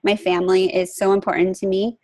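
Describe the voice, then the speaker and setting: A woman leads her team's group call with a chatty, encouraging voice full of fillers and quick restarts. Her pitch sits in the middle for a woman. The sound is dry and close. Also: little pitch movement, dark tone, no echo. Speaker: team coach leading a group call. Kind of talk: casual conference call.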